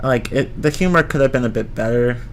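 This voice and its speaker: Casual young male streamer, mid-pitch voice, rambling film review with faint background noise. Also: fairly quick. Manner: rambling, restarts often, reads chat, swears casually. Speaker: livestream host reviewing films.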